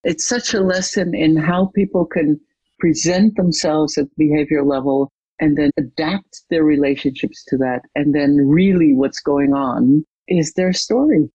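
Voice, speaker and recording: A coach and trainer, a guest in an interview, who tells a client story with lively retelling and acts out the quoted dialogue. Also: medium pitch, normal speed, husky, dry recording, dull audio.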